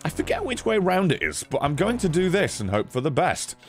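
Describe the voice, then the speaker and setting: An excitable man talks through a card game on stream, swearing freely and jumping into sudden squealing highs. His pitch swings widely over a mid-range voice, and faint music plays underneath. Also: a little fast. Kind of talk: casual gameplay commentary.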